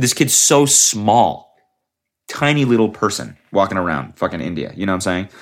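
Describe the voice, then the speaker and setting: Rambling, profane young man, low voice. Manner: rambling, profane, trailing off and restarting. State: sick. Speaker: podcast host. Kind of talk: casual solo podcast rant.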